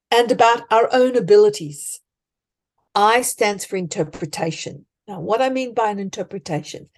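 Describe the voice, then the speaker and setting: A woman life coach, speaking emphatically and deliberately as a podcast guest. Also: mid-range voice, gravelly, a little mellow. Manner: emphatic, deliberate, acts out example thoughts. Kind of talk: conversational coaching talk.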